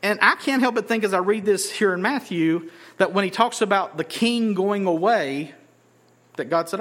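Man, high voice, conversational sermon, emphatic rises. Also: lively intonation, moderate pace, fairly bright tone. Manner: conversational preaching, rising emphatically on key points. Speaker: pastor.

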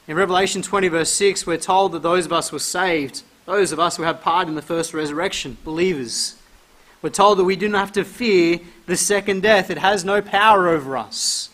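Male preacher, high-pitched, emphatic sermon delivery, reads verses aloud. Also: fairly bright tone. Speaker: pastor.

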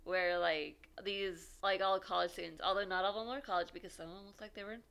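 A woman's voice: on the low side, fairly even intonation, fast, vocal fry, a bit bright, clean tone. A woman co-hosting a podcast in casual chat, a chatty, rambling storyteller. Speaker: podcast co-host.

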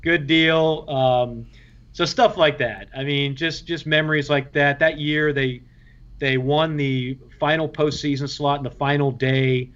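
A man, a baseball radio play-by-play broadcaster, telling anecdotes in an interview in a lively way, acting out the voices of others and often restarting his sentences. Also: medium pitch, unhurried, lo-fi sound. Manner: lively, acts out quoted voices, frequent restarts.

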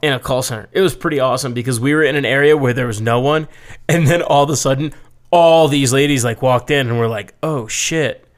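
A man casually telling a story about a job with a co-host, animated and swearing freely as he acts out what people said. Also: medium pitch, brisk. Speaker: penetration tester co-host.

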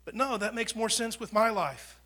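A pastor preaching a conversational sermon, swinging from loud proclamation down to near whispers, often repeating and restarting words. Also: male voice, sits high, normal speed. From United States.

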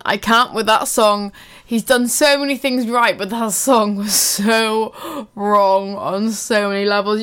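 A woman's voice: medium pitch, fairly bright tone, clear, resonant tone. A woman presenting a local radio show, chatting casually between songs, giggly and rambling with many fillers.

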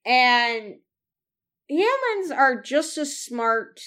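A woman chatting casually as a podcast co-host. Her voice sits a little high, and her talk rambles with restarts, fillers and easy laughter. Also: big pitch swings, drawn-out words, sharp tone. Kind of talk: casual chat.

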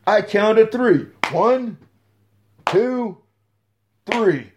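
A boisterous man tells a story in a high voice that is quick to get loud. He swears freely and acts out each scene as he talks. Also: slight background noise. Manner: boisterous, profane, animated storyteller. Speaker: guest. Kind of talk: casual podcast storytelling.

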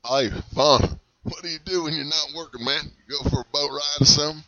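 Young man, comedy interviewer, drawling, mock-polite, bright voice, dull dry recording. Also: a little high, steady tone, brisk, no echo. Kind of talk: comic street interview.

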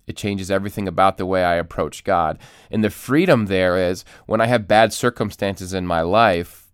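A man's voice: deep voice, moderate pace, clear, resonant tone, no room sound, studio quality. A man hosting a podcast who teaches as a pastor, earnestly explaining with restarts.

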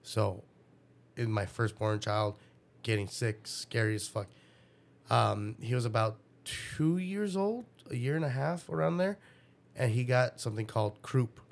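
A young man, a father, telling a story in a casual interview, profane and animated. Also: mid-range voice, a little slow, gravelly. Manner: profane, animated, acts out his own past dialogue.

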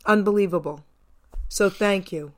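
A woman's voice: medium pitch, normal speed. Effusive woman radio host. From New Jersey. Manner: enthusiastic and effusive, piles up questions. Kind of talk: casual radio interview.

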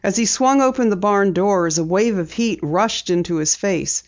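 A reader giving steady, measured narration of a mystery novel. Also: mid-range voice. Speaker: audiobook narrator. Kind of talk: scripted narration. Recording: dull lo-fi recording.

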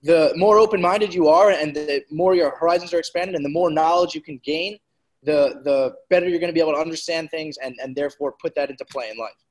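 A man's voice: a little high, fast. Een man met een wat hoge stem, rommelig pratend in een podcastgesprek. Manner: rambling, many restarts and fillers. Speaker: podcast co-host. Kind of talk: casual podcast chat.

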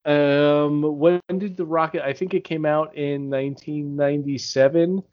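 A man's voice: on the high side, steady tone, moderate pace. A man co-hosting a podcast, chatting casually, telling stories animatedly and swearing often. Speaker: podcast co-host. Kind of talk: casual chat. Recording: dull lo-fi sound.

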